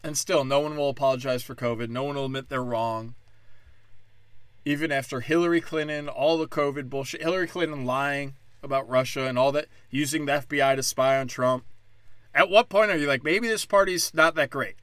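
A man with a medium-pitched, fairly bright, smooth voice speaks briskly on a dry recording. He's a stand-up comedian hosting his own podcast solo, delivering an angry, profane, sarcastic rant and mocking others in put-on voices.

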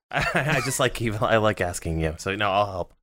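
A man's voice: lowish voice, lively intonation, normal speed, a bit bright. Bouncy voiced guy at the dnd table, always joking around. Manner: joking, teasing. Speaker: player. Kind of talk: casual tabletop chat.

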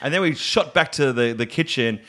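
Male co-host, relaxed chatty recap, quick to laugh and do silly voices. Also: mid-range voice. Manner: jokey, laughs often, slips into silly voices. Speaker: podcast co-host. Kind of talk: casual chat recapping a series.

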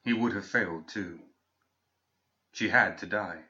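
Narrating a fantasy tale, a man reads in an even, measured way with a low voice that still sounds bright and forward. The audio quality is dull and lo-fi.

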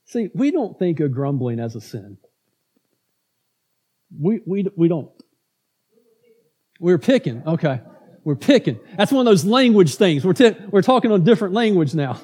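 A man's voice: high voice, very animated, normal speed, mellow, slightly rough. A man preaching a conversational sermon, asking his congregation questions and acting out grumbling crowds. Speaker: pastor.

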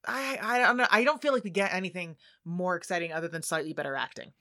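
A woman co-hosting a casual movie discussion, wry and opinionated with lively reactions. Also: on the low side, fast talker, no echo, studio quality. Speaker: podcast co-host.

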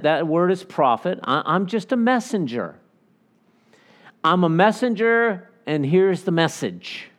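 A pastor with a mid-range voice preaches an animated sermon, acting out the voices of the people he quotes.

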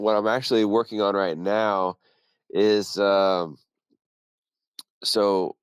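With a smooth, deep voice, a man chats easily on a podcast about his job, wandering from point to point and swearing without restraint. The audio is free of any room sound.

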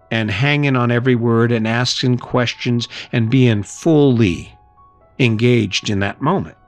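Chatty middle-aged man hosting a podcast. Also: medium pitch. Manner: casual, chatty, laughs and acts out little scenes. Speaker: podcast host. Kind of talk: motivational podcast monologue.

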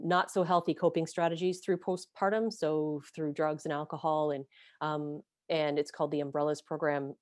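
A woman's voice: sits low, a little mellow, dry recording, clean studio sound. A woman host telling her own story candidly, blunt and self-deprecating, swearing freely. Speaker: podcast host being interviewed.

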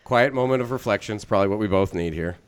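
A man's voice: on the low side, quick pace, smooth, close to an everyday voice. A man improvising as a disgruntled moviegoer who is angry about his ticket in a comedy scene. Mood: deflated. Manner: blustering and indignant. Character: disgruntled male fan denied entry.

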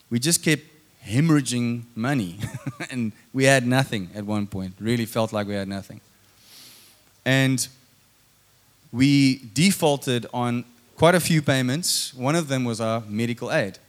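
Animated male preacher. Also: mid-range voice. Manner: animated storytelling, acts out his own inner dialogue. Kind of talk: sermon with personal testimony.

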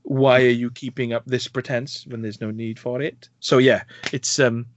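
A man's voice: medium pitch, little pitch movement, normal speed, lo-fi sound, slight background noise. A man co-hosting a podcast, reviewing a film in a rambling, casual way with many fillers and bursts of laughter. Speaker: podcast co-host.

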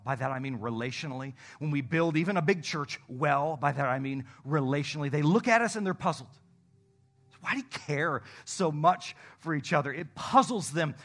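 A man preaching a conversational sermon as pastor, telling candid stories about himself and slowing into a soft, earnest prayer. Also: medium pitch. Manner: candid, self-deprecating storytelling; acts out phone calls in animated voices.

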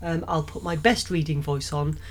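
A woman's voice: low voice, fairly even intonation, normal speed. A woman co-hosting a casual faith podcast, chatty and rambling, often laughing between thoughts. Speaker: podcast co-host.

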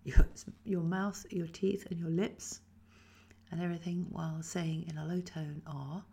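An English woman guiding a Feldenkrais lesson, speaking slowly and softly with many whispered phrases, her voice tired after a weekend of talking. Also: on the low side, level tone, creaky, husky. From England. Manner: slow, soft-spoken guiding with frequent whispered phrases. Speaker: Feldenkrais teacher. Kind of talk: guided movement lesson.

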